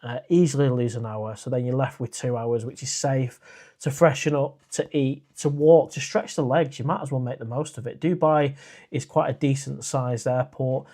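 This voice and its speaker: A man's voice: mid-range voice, steady tone, moderate pace, darkish tone. Chatty man hosting a live stream. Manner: chatty and rambling, with frequent "uh" and restarts. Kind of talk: casual live stream chat, reading viewer comments.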